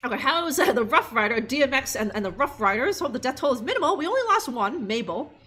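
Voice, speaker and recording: A woman's voice: sits high, very animated, fast, sharp tone. A woman streamer chatting casually and laughing as she plays a game live and talks to her viewers. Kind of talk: live gameplay commentary.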